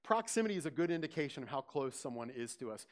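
A man's voice: mid-range voice, very animated, fast talker. A man preaching a sermon, asking his congregation direct questions and lifting his voice on quoted scripture. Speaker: pastor.

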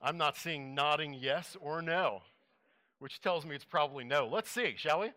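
Bright-voiced man preaching a sermon. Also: on the high side, normal speed. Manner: animated storytelling, acts out his own reactions. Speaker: pastor.

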